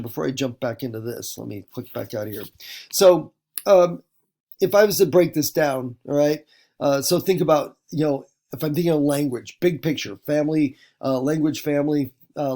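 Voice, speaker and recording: A man's voice: a little high, dark tone. A middle-aged man from the Pacific Northwest teaching a recorded lecture, rambling with many fillers and restarts.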